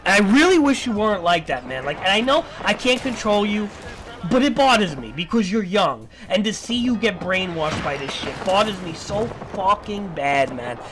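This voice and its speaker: A man's voice: high-pitched, sing-song, normal speed, background noise. A man streaming, ranting in a lecturing, repetitive and profane way. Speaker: livestreamer. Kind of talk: casual stream rant.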